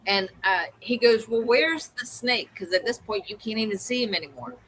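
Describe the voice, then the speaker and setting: A woman co-hosting a livestream, telling an animated story in casual chat and acting out the voices of the people in it. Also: fairly high pitch, moderate pace, a little hiss or hum, poor audio. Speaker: co-host.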